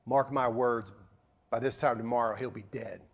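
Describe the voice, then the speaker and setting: A man voicing a vengeful queen who threatens a prophet, dropping his voice low and quiet. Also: fairly even intonation, normal speed, vocal fry, breathy edge. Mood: threatening.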